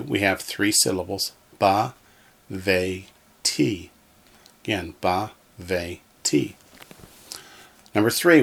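Alone in a room and talking to the wall, a man with a lowish voice and fairly bright tone records a Hebrew lesson from a textbook. He patiently repeats each word so learners can echo it.

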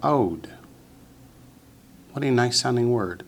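A man teaching a Hebrew vocabulary lesson to a class, patient and slow, repeating each word for the students. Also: medium pitch, lively intonation, slight background noise.

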